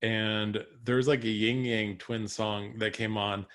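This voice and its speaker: A man's voice: lowish voice, level tone, unhurried. A man chatting on a comedy podcast, searching for words and trailing off. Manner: hesitant, many fillers and restarts, trails off. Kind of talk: casual podcast chat.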